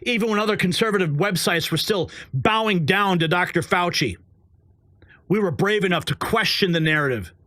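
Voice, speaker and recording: Male commentary host, angry and mocking, slows down to hammer points, somewhat high pitch. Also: expressive, pushed and bright, no echo, studio quality. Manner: heated, sarcastic, drawn-out emphasis.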